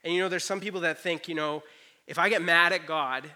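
Bright-voiced man preaching a casual sermon. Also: fairly high pitch, steady tone, a little fast. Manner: earnest, conversational, lots of "you know" asides. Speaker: pastor.

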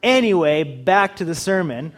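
High-voiced man preaching a lively sermon. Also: normal speed. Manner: humorous, acts out dialogue. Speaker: pastor.

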